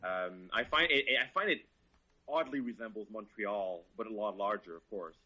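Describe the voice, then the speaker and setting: A man's voice: on the low side, moderate pace, dull audio. A man, a guest car reviewer, telling stories in casual chat with lots of laughs and swearing. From Quebec, Canada. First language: French. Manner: laughing, profane, animated storytelling.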